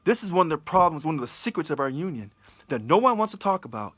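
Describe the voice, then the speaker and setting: Fired-up guy ranting on a livestream, pitch swinging all over, dry room. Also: sing-song, fast, fairly bright tone, dry recording. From California. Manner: fiery, emphatic, repetitive rhetorical questions. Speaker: union election candidate. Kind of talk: impassioned livestream address.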